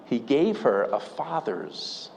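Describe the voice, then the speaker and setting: A man's voice: medium pitch, big pitch swings, takes it slowly, creaky, a little mellow. A man preaching a sermon, telling a story and asking the congregation questions. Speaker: pastor. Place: church. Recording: long church reverb.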